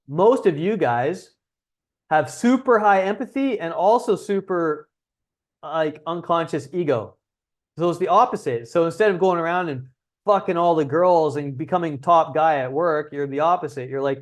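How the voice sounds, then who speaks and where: A young man hosting a livestream, talking casually and bluntly as a dating coach, with frequent swearing. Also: a little high. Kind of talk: livestream talk.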